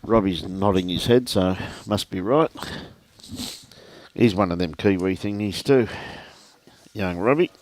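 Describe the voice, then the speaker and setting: An older Australian man doing relaxed, chatty live commentary on a lawn bowls match, greeting viewers by name. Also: sits low, measured pace, long pauses. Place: outdoor bowls club.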